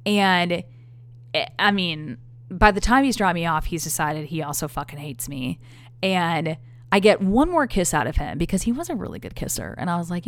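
A young woman hosting a podcast alone, telling a dating story in a candid, profane, animated way. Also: lowish voice, normal speed. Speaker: podcast host. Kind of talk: casual storytelling monologue.

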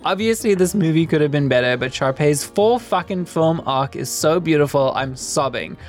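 A podcast co-host in casual chat, reading film reviews aloud and tossing in quick deadpan quips. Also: medium pitch, faint music behind.

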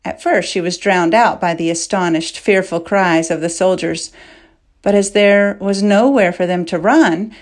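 Measured woman audiobook narrator. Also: mid-range voice. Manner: measured, dramatic storytelling. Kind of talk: scripted narration.

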